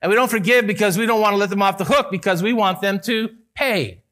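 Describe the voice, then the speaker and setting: A man with a notably high-pitched voice delivers a church sermon. He talks earnestly, pushing up for emphasis and dropping quiet at the ends of points. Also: quick pace. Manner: earnest, rises and falls with emphasis, some restarts. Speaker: pastor.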